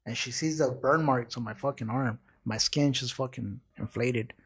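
A man's voice: mid-range voice, normal speed, breathy edge. A man in his late twenties hosting a podcast, telling a story in casual street slang with lots of swearing. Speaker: podcast host.

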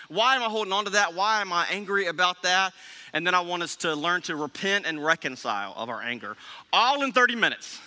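A male pastor gives a conversational sermon, stopping often to check in with his listeners. His voice sits high and rings very bright. It carries a long reverb from a large hall. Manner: conversational, checks in with "okay?" and "right?".

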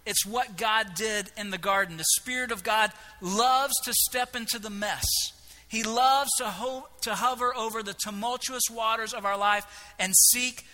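A man preaching a sermon, animated and humorous, acting out biblical characters in quick asides. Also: high-pitched, soft background music. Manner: animated, acts out voices of biblical figures with humor. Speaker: pastor.

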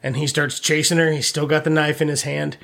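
Slightly high and flat in delivery, this man speaks fairly quickly with vocal fry and a somewhat bright quality. He's a dad co-hosting a podcast, cursing, laughing a lot, and wandering through a movie plot in casual review talk.

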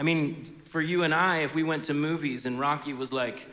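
A man preaching a sermon as pastor in a church sanctuary, in a conversational, animated way with frequent fillers. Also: on the high side, normal speed, hardly any pauses, in a large hall.

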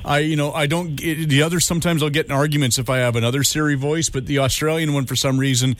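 A man hosting a radio show, chatting casually and jokingly with a guest, with quick rambling restarts. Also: on the high side, fairly even intonation.

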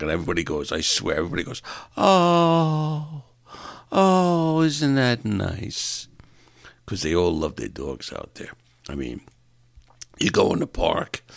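A man's voice: very deep voice, creaky, fairly bright tone, dry recording, clean studio sound. A man in a rambling comic monologue, exasperated and ranting, stumbling over repeated words as he vents. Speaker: stand-up comedian.

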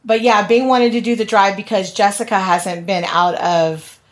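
A woman's voice: mid-range voice, steady tone, normal speed. A young woman, a podcast guest, chatting casually and laughing often as she tells stories. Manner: laughing storyteller. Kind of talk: casual chat.

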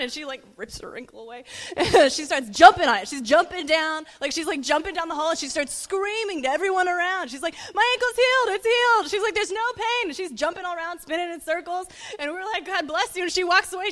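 A woman from a ministry team telling a lively testimony story, animated and laughing as she goes. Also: extremely high pitch, fast talker, few pauses. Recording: reverberant hall.

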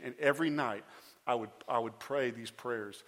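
A man in his thirties preaching an earnest sermon as pastor, often restarting phrases and building to loud, emphatic pleas. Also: medium pitch, moderate pace. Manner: frequent restarts and repeated phrases. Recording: preached in a large reverberant hall.

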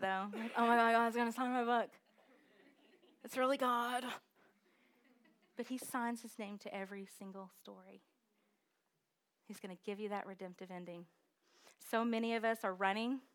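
A woman preaching a sermon with energetic call-and-response exhortation. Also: fairly high pitch.

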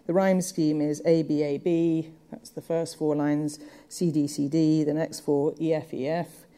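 A woman giving a measured, thoughtful lecture on poetry, with occasional fillers. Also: sits low, flat delivery, dark tone. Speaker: literature lecturer.

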